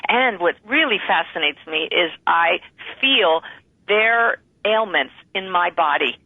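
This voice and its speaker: A woman's voice: lowish voice, slow pace, dry recording. Woman guest on a tinny phone line. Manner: calm, articulate, explains clearly. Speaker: guest medium. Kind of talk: interview conversation.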